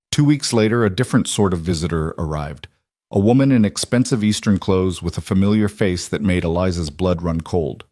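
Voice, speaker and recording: A man narrating a scripted frontier story in a steady storytelling manner. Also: on the low side, dry recording, clean studio sound.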